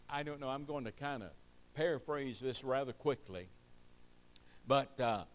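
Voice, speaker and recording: A man's voice: medium pitch, a bit bright. A man preaching a sermon, repeating key phrases for emphasis and asking the congregation rhetorical questions.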